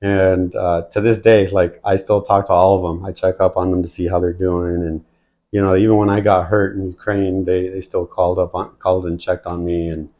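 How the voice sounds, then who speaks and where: Here the veteran guest speaks in a low voice at a normal speed, and the recording is muffled. He's still swearing freely, spinning a casual story with lots of energy and performing each line of quoted dialogue.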